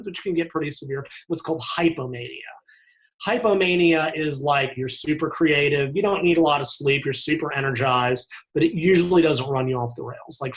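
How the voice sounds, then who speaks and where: A man with a somewhat higher-than-average voice speaks as a podcast guest. He talks frankly and thoughtfully, circling back and restarting his sentences in an easy, unscripted conversational way. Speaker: podcast guest, fitness author. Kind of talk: candid conversational interview.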